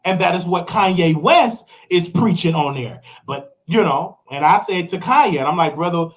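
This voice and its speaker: A man with a Southern US accent, hosting and ranting in animated commentary, preachy and mocking. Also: high voice, normal speed. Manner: preachy, mocking, acts out quotes in other voices. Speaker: host.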